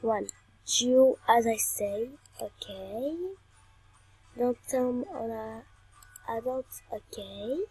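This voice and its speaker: Young woman, gamer, high voice, slow delivery, playful, reads game text aloud. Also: steady tone, darkish tone, slightly rough, soft background music, low-quality recording. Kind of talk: game commentary.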